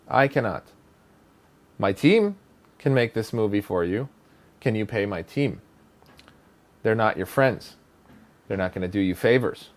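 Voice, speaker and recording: A man who runs a production company, talking casually to camera in a blunt, conversational way with filler pauses. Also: medium pitch. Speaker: filmmaker and production company founder.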